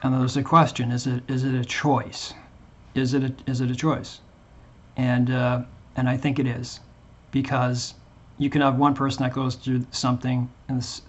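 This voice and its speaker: Man, Christian channel host, earnest halting talk, monotone delivery, dull muffled sound. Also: medium pitch. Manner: halting, earnest, with repeated restarts. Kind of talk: earnest casual monologue to viewers.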